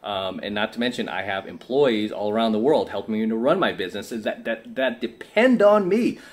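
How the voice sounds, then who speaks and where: A self-help coach, tired from lack of sleep, delivers an assertive, preachy monologue to camera, frequently tossing in "right?". His voice is on the low side, with lively intonation and a moderate pace.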